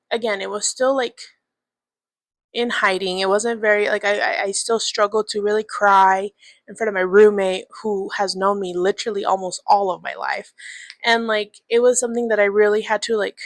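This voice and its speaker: A woman's voice: on the high side, dry recording. A young woman in her twenties hosting a podcast, talking candidly in a loose, chatty monologue full of swearing and filler words. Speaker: podcast host. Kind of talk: casual personal monologue.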